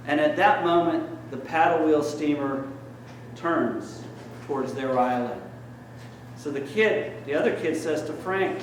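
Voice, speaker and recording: This sermon comes from a priest whose voice is fairly high and whose pace is measured. He tells stories casually, with frequent fillers. A distant mic in the reverberant church catches a faint hiss or hum.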